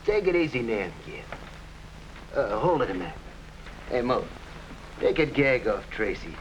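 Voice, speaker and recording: An actor playing a ruthless, scheming hired killer in an early TV crime drama, talking tough gangster slang. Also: male voice, medium pitch, very animated, a little slow. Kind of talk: 1950s TV crime drama acting. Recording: dull old TV soundtrack with faint hiss.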